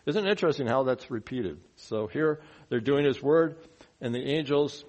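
Man preaching with loud emphatic bursts. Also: medium pitch, normal speed. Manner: conversational, full of rhetorical questions; swings between quiet asides and loud emphatic bursts. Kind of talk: sermon.

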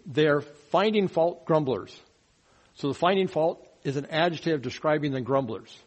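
A man preaching a verse-by-verse sermon, teaching and putting questions to the congregation, mocking grumblers by turns. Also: fairly high pitch. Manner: mocking grumblers in a rising, louder voice. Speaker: pastor.

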